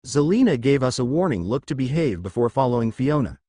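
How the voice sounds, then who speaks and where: A man's voice: medium pitch, big pitch swings, fairly quick, dark tone, no room sound, clean studio sound. A man narrating a first-person fan fiction story in a dramatic reading.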